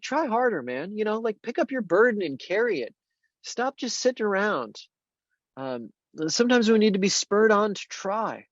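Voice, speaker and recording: With a high-sitting voice and no room sound, a man who is a Benedictine monk and priest offers informal teaching on the spiritual life. He gropes for words with many restarts and "you know"s, and the dry recording sounds dull and a bit lo-fi.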